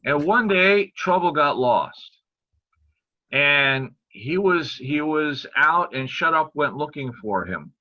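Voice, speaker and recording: An older man, a pastor, chatting casually on a podcast, telling stories and halting jokes and sometimes losing his place. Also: a little high, expressive, sharp tone, muffled recording. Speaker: pastor and guest father.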